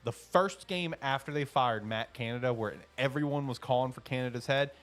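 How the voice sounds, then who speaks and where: A man co-hosting a casual sports show, animated and joking, laughing often. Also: medium pitch, normal speed. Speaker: podcast co-host.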